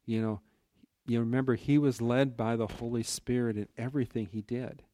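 A man's voice: mid-range voice, fairly even intonation, moderate pace, warm tone. A man teaching from the Bible in a conversational, earnest way, often restarting his sentences and adding "you know". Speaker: preacher.

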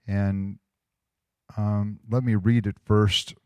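A man giving a sermon as pastor, reading a prophetic word slowly and with emphasis, with casual asides in between. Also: lowish voice, flat delivery, darkish tone, no echo. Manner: conversational asides with fillers.

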